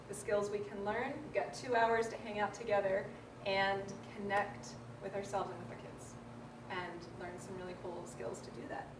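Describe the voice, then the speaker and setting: A woman's voice: medium pitch, slight background noise. Middle-aged female workshop leader, earnest storyteller, roomy distant sound. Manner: earnest, personal storytelling with laughs. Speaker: parenting workshop host. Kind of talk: live workshop talk to a group. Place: room with an audience. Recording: echoey room, voice from a distance.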